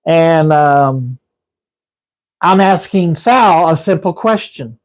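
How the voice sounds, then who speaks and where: A man's voice: a little high, expressive, slow pace, poor audio. A man hosting a live stream, telling a meandering story with lots of restarts. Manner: rambling storyteller, frequent restarts. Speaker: livestream host. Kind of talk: casual live-stream chat. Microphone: livestream setup.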